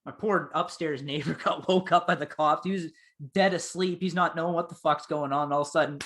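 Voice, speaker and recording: A young man with a fairly high voice tells a story in loose podcast talk. He swears freely and acts out what people said in lively voices. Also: a little fast. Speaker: podcast co-host telling a story. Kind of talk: casual chat.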